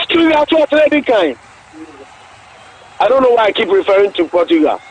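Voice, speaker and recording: Excitable high-voiced Ghanaian radio commentator. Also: male voice, fairly quick, pauses often. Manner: excitable, repetitive exclamations, mixes languages. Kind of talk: excited live match commentary. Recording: dull lo-fi radio broadcast.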